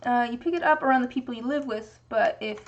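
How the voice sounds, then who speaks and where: A woman's voice: a little high, fast talker, muffled recording. A young woman from the US Pacific Northwest chatting casually and thinking aloud during a livestream from her home craft workspace. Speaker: streamer making resin dice.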